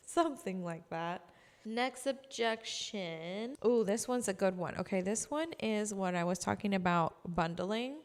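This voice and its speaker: A woman giving casual sales training, chatty, acting out customer calls in quick voices. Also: mid-range voice, animated, in a large hall, soft background music. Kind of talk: casual instructional talk.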